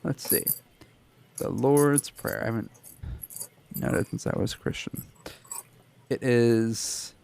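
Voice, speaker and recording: A man's voice: lowish voice, lively intonation, moderate pace, vocal fry, long pauses, a little mellow. A man co-hosting a podcast, chatting casually, loose and joking, with some swearing. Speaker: podcast co-host. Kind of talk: casual chat.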